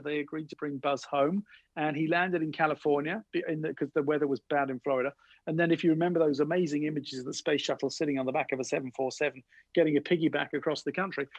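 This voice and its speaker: A middle-aged man telling lively anecdotes in an interview, acting out the voices of the people he quotes. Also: a little high, vocal fry, no room sound, poor audio. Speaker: guest innovation speaker. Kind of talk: animated storytelling interview.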